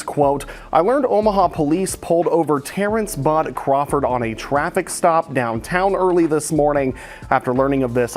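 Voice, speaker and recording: Guy doing a local news report, measured and formal, average pitch. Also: darkish tone.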